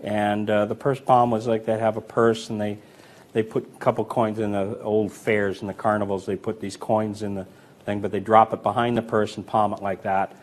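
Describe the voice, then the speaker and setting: A man talks through a coin magic routine in a relaxed, conversational teaching voice. He counts coins aloud as he works and slips into stories about older magicians. His tone stays easy and unhurried. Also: lowish voice. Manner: relaxed, conversational, tells anecdotes with acted quotes; counts coins aloud while demonstrating sleights. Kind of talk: casual instructional demonstration.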